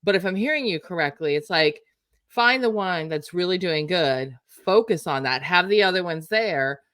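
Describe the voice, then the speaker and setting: A woman's voice: lowish voice, lively intonation, normal speed, a bit bright, no echo. A woman hosting an interview podcast, affirming her guest and summing up his points in a friendly, easygoing way. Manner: affirming, laughs easily. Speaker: podcast host. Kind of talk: casual interview.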